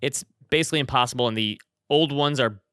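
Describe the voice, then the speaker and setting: Podcast co-host guy, talks really fast, dry quick comments, close dry mic. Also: medium pitch, sharp tone, clear, resonant tone, no room sound. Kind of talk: casual chat.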